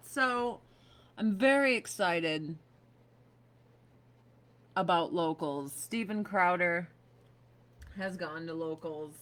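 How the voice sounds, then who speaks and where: A woman's voice: lowish voice, takes it slowly, pauses often, fairly bright tone, slight background noise. A woman in her thirties chatting casually on a livestream from her home office desk, profane and sarcastic.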